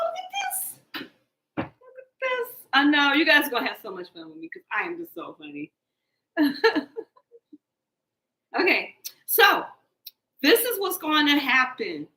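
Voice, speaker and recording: A woman with a high, bright voice chats through a casual tarot reading. She is animated and playful, joking and laughing between cards, and her voice rings in an echoey room. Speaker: tarot card reader.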